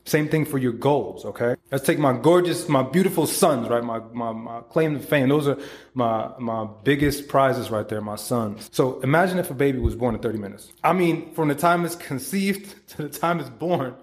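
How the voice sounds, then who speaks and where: A man's voice: mid-range voice, normal speed. Guy in his 30s doing a fired-up motivational podcast rant, swears a ton, preachy, does little voices for people. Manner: profane, animated, preachy, acts out quoted voices. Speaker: podcast host and supplement company founder.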